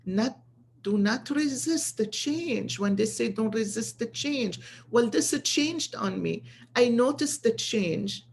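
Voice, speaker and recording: A woman's voice: on the high side, lively intonation, slow pace, creaky, a little hiss or hum. A woman earnestly telling a personal spiritual story to viewers, repeating phrases for emphasis. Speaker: spiritual channel host.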